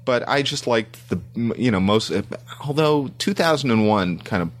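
A man's voice: mid-range voice, expressive, normal speed. A middle-aged man from Canada, a screenwriter being interviewed, talking casually and rambling with frequent ums and restarts. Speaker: guest screenwriter.

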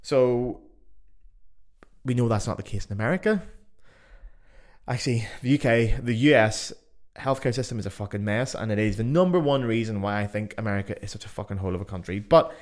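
A young man with a softened Belfast accent, hosting a solo podcast and giving blunt, opinionated views with plenty of swearing. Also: on the low side, animated, fairly quick. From Northern Ireland. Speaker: podcast host.

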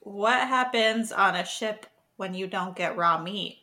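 Woman at the game table, bright sharp voice, talks slow, teasing. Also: medium pitch, slight background noise. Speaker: player. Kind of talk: casual chat in a tabletop game.

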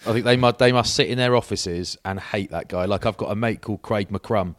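A man's voice: on the low side, a little fast. A man in his forties co-hosting a podcast, telling rambling, self-mocking anecdotes in casual chat. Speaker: podcast co-host.

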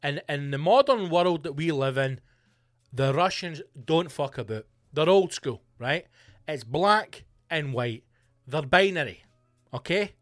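Man, podcast host, profane comic rant, slightly high voice, dry close sound. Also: measured pace, no room sound, faint music behind. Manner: profane, animated, mocking asides. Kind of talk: solo comedic rant. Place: home studio bunker.

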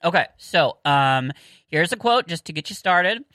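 A woman's voice: lowish voice, animated, a little slow, a bit bright, dry recording, rough recording. A Southern American woman co-hosting a casual book-discussion podcast, chatty and giggly with lots of fillers and restarts. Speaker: podcast co-host.

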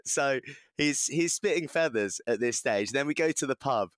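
A man co-hosting a casual rugby podcast, telling lively anecdotes and laughing often. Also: medium pitch, moderate pace. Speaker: podcast co-host. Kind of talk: casual rugby chat and storytelling.

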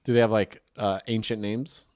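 A man's voice: on the low side, fairly even intonation, moderate pace, darkish tone. A man in casual podcast chat, rambling and joking, with frequent swearing. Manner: rambling, profane, jokey.

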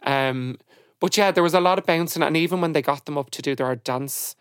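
A man, a podcast guest, telling stories in an animated, chatty way. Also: on the high side, fairly quick, clear, resonant tone, no echo, clean studio sound. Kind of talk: casual chat.

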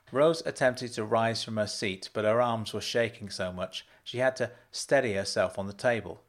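A man narrating a first-person story in a measured, plain reading. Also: on the low side.

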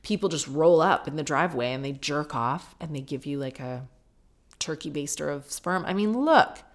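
Woman host, lowish voice, frank and chatty, laughs easily. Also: animated, normal speed. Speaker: podcast host. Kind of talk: casual chat.

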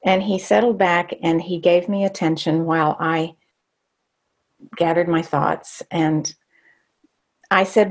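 A woman's voice: lowish voice, fairly even intonation, takes it slowly, pauses often. An older woman telling a personal story from her past in a reflective, candid way, with hesitations.

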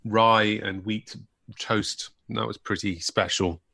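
A man with a West Country English accent, co-hosting a casual podcast chat with dry, deadpan humor. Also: lowish voice, slow, creaky. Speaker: podcast co-host.

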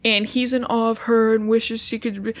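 A woman recapping a book on a podcast, sarcastic and profane, quickly acting out characters' lines. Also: a little high, flat delivery. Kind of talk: casual podcast chat, retelling a book with sarcastic asides.

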